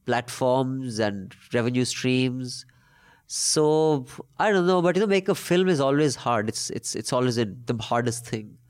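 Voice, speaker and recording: Indian male podcast host, medium pitch, casual and cheeky, drops Hindi words. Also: smooth. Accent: Indian English. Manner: irreverent, swears, mixes Hindi phrases. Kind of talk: casual banter and reading listener mail.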